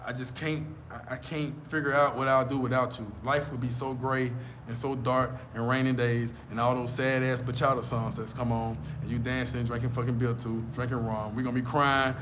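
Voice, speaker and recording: A man acting out a lovesick boyfriend who begs his girlfriend in a soft, syrupy voice. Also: medium pitch, level tone, normal speed, noisy background, pitched below the performer's own voice, lightly acted. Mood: pleading.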